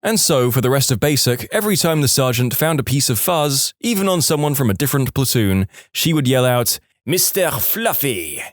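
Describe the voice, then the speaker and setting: Lively man reading stories aloud. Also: medium pitch, brisk, few pauses, dry recording, studio quality. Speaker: podcast narrator. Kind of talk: storytelling reading of online posts.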